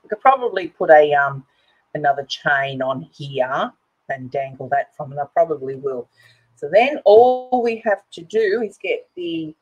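Chatty woman crafting, husky. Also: deep voice, animated, measured pace, muffled recording. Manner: chatty, talks to herself and viewers while working. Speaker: craft video host. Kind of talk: casual crafting commentary.

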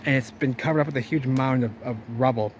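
A man with a mid-pitched voice films himself outdoors while exploring old ruins. He rambles and thinks aloud, growing excited as he makes finds. Clear outdoor noise and passing vehicles sit behind him. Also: fast. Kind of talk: casual exploring vlog. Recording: noisy outdoor camera audio.

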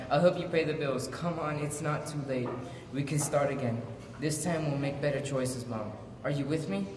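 A male performer gives a teenage son, desperate and earnest, pleading with his mother in a stage monologue, his voice sitting at an ordinary middle pitch. He sounds like he is captured from far off in an echoey hall with a long ringing tail and faint background noise. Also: lightly acted. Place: school auditorium.

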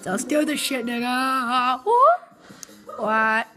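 Very high-voiced woman ranting while gaming. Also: normal speed. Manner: foul-mouthed, mocking, bursts into yelling. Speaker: gameplay commentator. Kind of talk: profane ranting game commentary. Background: game music.

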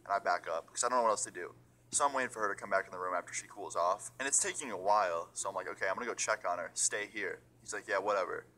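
Bright-voiced young man telling a story. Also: lowish voice, very fast, a little hiss or hum. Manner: chatty, swearing, acts out quotes. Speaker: storytime YouTuber. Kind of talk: casual storytime vlog.

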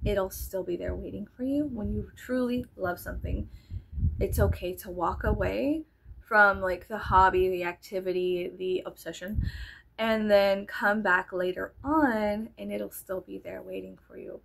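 A woman's voice: mid-range voice, steady tone, measured pace, vocal fry, a bit bright. A woman from South Texas vlogging in a casual rambling monologue, chatty and joking, with frequent swearing and sudden drops to a whisper.

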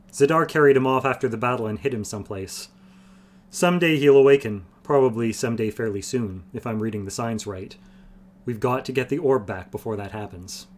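A man's voice: mid-range voice, lightly acted. A man voicing an ancient, wry old male sorcerer who explains things blandly and patiently.

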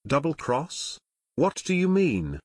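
A man voicing an adult male gang leader who shouts and demands answers, in an audiobook reading. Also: mid-range voice, lively intonation, unhurried, dry recording, clean studio sound. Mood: angry.

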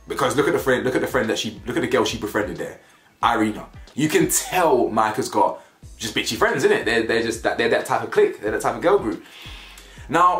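A young British man giving blunt, slangy commentary on a reality show, animated and laughing at his own jokes. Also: mid-range voice. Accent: British, with urban slang. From United Kingdom. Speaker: reality TV reviewer. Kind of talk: casual opinionated commentary. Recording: roomy echo, faint music behind.

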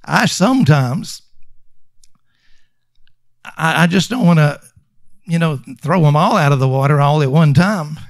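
A man's voice: a little high, lively intonation, unhurried, pauses often, no room sound. A man preaching a sermon as pastor, emphatic and conversational, repeating lines for stress. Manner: conversational with fillers and restarts.

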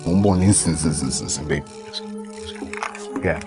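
A man's voice: extremely low pitch, normal speed, music in the background. A young man with a Nigerian accent playing an affectionate grown son. He teases and sweet-talks his parents on the phone and switches between English, pidgin and Yoruba. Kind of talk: film dialogue.

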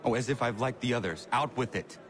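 An actor playing a stern, blunt young assassin stuck in prison, in a video game cutscene. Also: male voice, mid-range voice, brisk, lightly acted. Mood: skeptical. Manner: terse, blunt, steady.

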